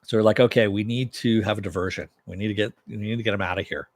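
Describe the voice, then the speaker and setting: Low-voiced man recapping a TV episode. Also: fairly even intonation, quick pace. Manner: loose storytelling, paraphrases dialogue with "he goes"; frequent "uh" fillers. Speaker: TV show reviewer.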